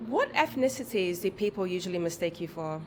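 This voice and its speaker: A woman's voice: fairly low pitch, very animated, brisk, a little hiss or hum. A woman interviewer asking short, direct questions.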